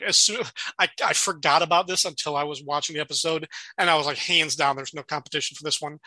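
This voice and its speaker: A man's voice: a little high, bright, forceful tone, no room sound. A man hosting a podcast in casual chat, talking loosely, laughing often and acting out quoted lines. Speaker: podcast host.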